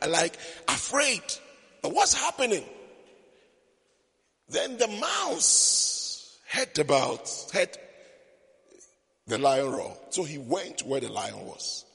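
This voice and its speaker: A man's voice: a little high, big pitch swings, slow pace, creaky, pauses often, sharp tone, slightly rough. A male preacher telling a story in a sermon, with joking asides to the congregation, at a church service with a long hall reverb.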